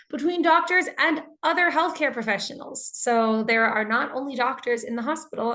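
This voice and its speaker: An American woman leads an online English lesson with a fairly high voice. She talks to her class in a friendly, energetic way and keeps checking in with her students. She is heard through her computer mic on a video call. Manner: friendly, energetic, interactive with chat. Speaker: English teacher.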